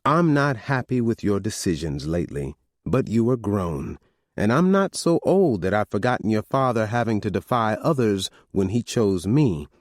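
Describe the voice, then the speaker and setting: A man reading an audiobook, voicing an older mother who calmly and firmly lays down the law to her grown children. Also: lowish voice, moderate pace, dry recording, clean studio sound. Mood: firm, commanding. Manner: firm, commanding, calm. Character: stern family matriarch, older woman.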